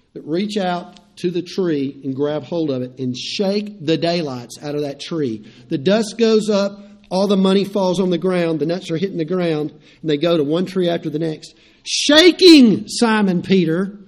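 A man, a pastor, preaching a sermon, swinging from loud emphatic lines to quiet storytelling. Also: on the high side, normal speed.

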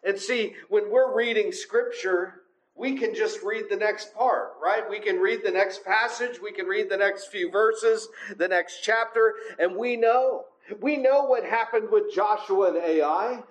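Man, high-pitched, preacher, conversational sermon, filler uhs. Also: unhurried, rough recording.

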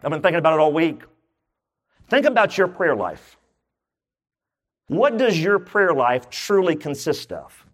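A man's voice: fairly high pitch, big pitch swings, measured pace, pauses often. A man preaching a sermon, asking his congregation questions and joking as he goes. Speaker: pastor. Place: church.

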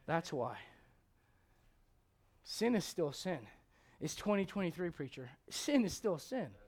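A male pastor preaching a blunt, confrontational sermon, swinging from loud outbursts to hushed intensity. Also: a little high, very animated, slow.

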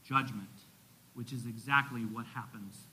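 A man preaching a sermon to a congregation, earnestly rising for emphasis and dropping low on solemn points. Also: measured pace, pushed and bright, slight background noise, rough recording. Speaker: pastor.

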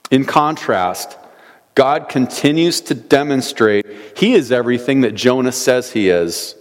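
A man's voice: medium pitch, animated, unhurried. Man preaching in a reverberant church. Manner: earnest preaching, reading scripture aloud with rhetorical questions. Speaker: pastor. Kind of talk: sermon. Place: church sanctuary. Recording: long church hall reverb.

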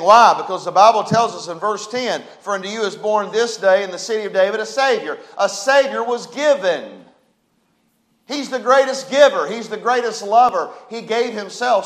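High-voiced man preaching. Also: rough recording. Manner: preaching with rising emphasis and call-and-response. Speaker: pastor. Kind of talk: sermon. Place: church sanctuary.

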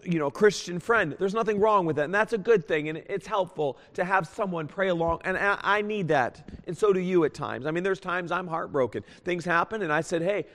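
Earnest preacher in a reverberant hall. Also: male voice, on the high side. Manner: earnest, pleading, quick swings from loud to hushed. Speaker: pastor. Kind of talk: sermon.

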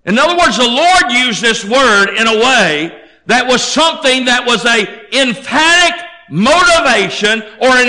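A male preacher delivering a sermon at a slow, deliberate pace. His voice sits high and sounds sharply bright and forceful. He climbs to near-shouts on key words, then drops low and quiet to close a thought. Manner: emphatic, rising to near-shouts and dropping low.

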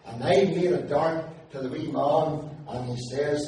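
A Northern Irish man spins a funny tale to a room, with a fairly high, mellow voice. He is heard from a distance, the sound ringing through a very echoey hall with a faint hum behind. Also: a little slow. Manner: animated, acts out dialogue. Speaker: speaker telling a personal story to an audience. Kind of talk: humorous storytelling.

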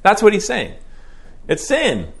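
A man's voice: high-pitched, huge pitch swings, slow pace. A man teaching a verse-by-verse Bible lecture to a class, explaining patiently and often checking in with "right?", stretching key words for emphasis.

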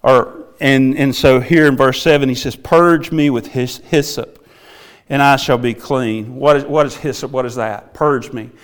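A man preaching an earnest sermon, moving between emphatic and hushed passages, often restarting words. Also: mid-range voice, steady tone, unhurried. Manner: sings a few hymn lines.

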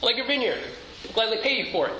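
A man's voice: very high-pitched, lively intonation, rapid-fire, pushed and bright, slight background noise, voice pushed up, heavily acted. A man preacher voicing a greedy ancient king who feels entitled, during a sermon. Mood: coaxing. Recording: echoey church room.

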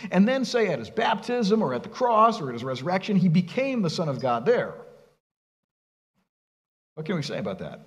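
Middle-aged pastor preaching, voice jumps all over, long church echo. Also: male voice, on the high side. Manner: earnest preaching with lively emphasis and rhetorical questions. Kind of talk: sermon.

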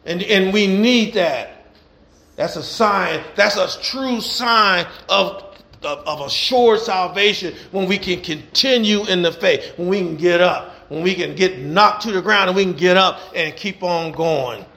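A man's voice: sits high, a little slow, vocal fry, bright, forceful tone. A man preaching a sermon as pastor, emphatic and repetitive.

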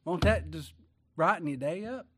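A man with a drawl delivers a sermon in an easygoing, folksy manner. He keeps turning to his listeners with quick rhetorical questions, and his voice sits a little high for a man. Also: noisy background. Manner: folksy, asks the congregation many rhetorical questions. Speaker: preacher.

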